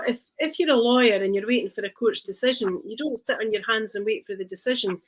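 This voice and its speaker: A woman's voice: mid-range voice, slightly rough, low-quality recording. A woman guest in a political discussion who argues her point assertively. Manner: assertive, argumentative. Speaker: panel guest.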